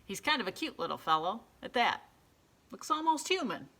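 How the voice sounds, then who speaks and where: A woman's voice: fairly high pitch, very animated, normal speed, fairly bright tone, voice pushed up, exaggerated voice. A woman voicing a puzzled, good-natured male policeman who talks in a folksy, easygoing way.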